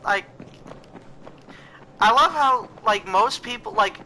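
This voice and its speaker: A young man co-hosting a casual podcast chat, excitable and rambling, full of fillers. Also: high-pitched, slow, rough recording. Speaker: podcast co-host. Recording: faint background noise.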